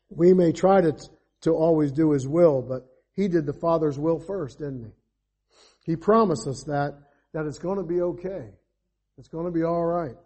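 A man preaching an evangelistic sermon, swinging from emphatic calls to quiet asides and asking his congregation rhetorical questions. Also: on the high side, normal speed. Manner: fervent, rises to emphatic calls then drops to quiet asides.

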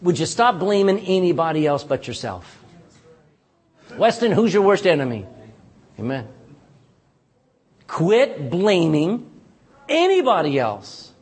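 A pastor speaks slowly in a high-pitched, husky voice, pausing often as he preaches emphatically in a church sanctuary. Animated, he teases listeners by name and invites call-and-response with "Amen?"

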